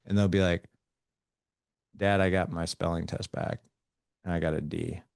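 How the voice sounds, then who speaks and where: A man's voice: sits low, flat delivery, normal speed, vocal fry, no echo, clean studio sound. A man in his forties, a podcast guest, telling earnest stories about fatherhood and acting out talks with his kids. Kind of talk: conversational interview.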